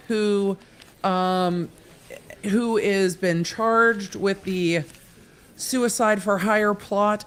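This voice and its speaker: A woman's voice: fairly low pitch, fairly bright tone. Woman host, middle-aged, dry wit, running live trial commentary. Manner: quick, wry, sarcastic asides.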